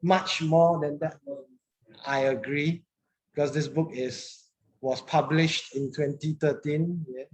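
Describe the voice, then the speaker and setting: A woman's voice: low-pitched, fairly even intonation, slow, a little mellow, a little hiss or hum. A woman, teaching a class in a chatty manner, often repeating words and asking the class questions. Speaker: English teacher.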